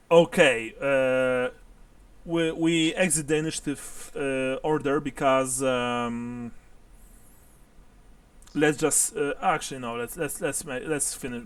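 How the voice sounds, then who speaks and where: A man narrating as game master of a tabletop game, halting and full of fillers. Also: mid-range voice, smooth, no room sound, distant mic.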